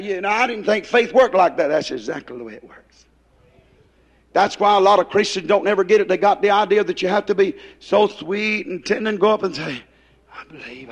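A man preaching a revival sermon, folksy in his grammar and building to shouted emphasis. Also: high-pitched.

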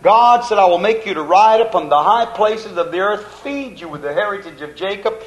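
High-voiced preacher in full flow. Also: male voice, lively intonation, fairly quick. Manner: rhythmic preaching with repetition and rising emphasis. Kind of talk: sermon.

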